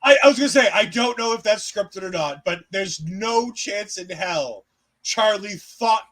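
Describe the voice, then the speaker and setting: A man co-hosting a casual wrestling recap, talking in an animated way with jokes, swearing and quick asides. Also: high-pitched, poor audio. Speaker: podcast co-host.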